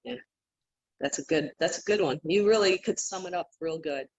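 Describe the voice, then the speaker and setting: A woman guest on a podcast, telling stories in an animated, casual way and laughing often. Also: on the low side, moderate pace. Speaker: podcast guest, psychic healer. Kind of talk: casual interview storytelling. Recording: dull lo-fi remote audio.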